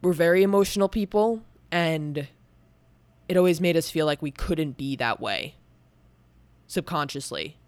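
A woman's voice: sits low, measured pace, long pauses, no room sound. A young woman talking candidly and at length about her own feelings, rambling with many restarts and filler words. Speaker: podcast host. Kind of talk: candid personal talk.

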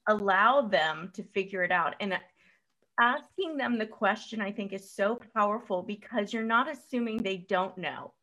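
A woman's voice: medium pitch, moderate pace, bright, forceful tone, poor audio. A woman hosting an interview, encouraging and full of filler words as she asks questions. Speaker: host. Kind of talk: interview host, parent.

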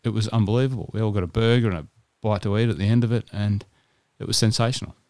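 A man's voice: on the low side, steady tone, fast, darkish tone, no echo. An Australian man co-hosting a podcast, telling stories in casual chat with frequent restarts. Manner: chatty storytelling with restarts. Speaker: podcast co-host.

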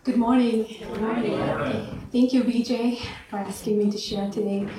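A woman's voice: on the high side, steady tone, measured pace, background noise. A woman from India with an Indian accent, sharing an earnest, lightly self-joking testimony from a church pulpit. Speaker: guest speaker. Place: church sanctuary. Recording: echoey church hall.

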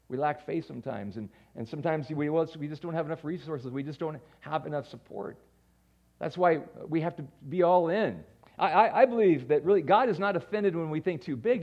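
A man preaching a sermon as pastor, animated, going from loud bursts to quiet asides and stammering as he restarts. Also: fairly high pitch. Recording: dull lo-fi sound.

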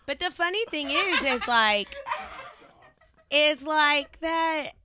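A young woman co-hosting a podcast in casual chat, animated and quick with jokes. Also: sits high, slight background noise. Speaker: podcast co-host.

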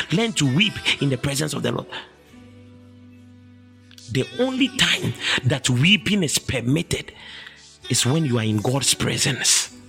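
A man preaching a sermon with an impassioned, sing-song cadence that builds to shouted, repeated exhortations. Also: mid-range voice, gravelly.

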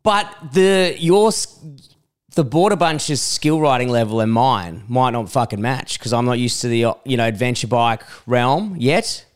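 An Australian man in his young adult years, co-hosting a casual podcast chat. His voice sits at a middle pitch and sounds smooth and clear. He talks loosely, drops swear words, and slips into little impressions as he tells stories. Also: unhurried. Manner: swears freely, animated storytelling with impressions. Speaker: podcast co-host.

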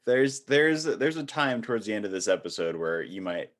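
Male podcast host, lowish voice; easygoing, laughs a lot, questions ramble. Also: sing-song, moderate pace. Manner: chatty, laughs easily, long winding questions. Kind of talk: casual interview.

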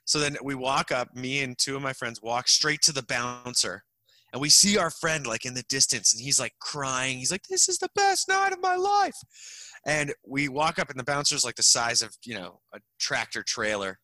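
A young man tells a long, rambling story full of fillers, often laughing as he goes. His voice is very bright and forceful. The sound is dry and close, with no room echo. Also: mid-range voice, normal speed. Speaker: guest storyteller. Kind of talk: casual anecdote telling.

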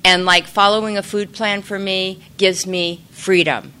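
A woman's voice: medium pitch, fairly even intonation, unhurried, sharp tone, clean tone. A middle-aged woman telling a personal recovery story in a chatty, self-deprecating way, full of fillers and restarts. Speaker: speaker sharing recovery story. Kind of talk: casual personal testimony.

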